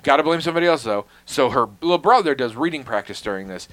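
A man's voice: medium pitch, lively intonation, fast talker, a bit bright. A man in casual conversation, telling a long story in a wry, self-deprecating way, swearing freely and dropping to a mutter on asides.

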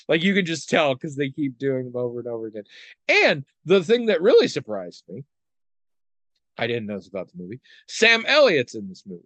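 A man's voice: medium pitch, very animated, a little fast, a bit bright, no echo. A man chatting casually as a podcast host, rambling and wry with plenty of ums and likes. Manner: rambling, wry, many fillers. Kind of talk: casual chat.

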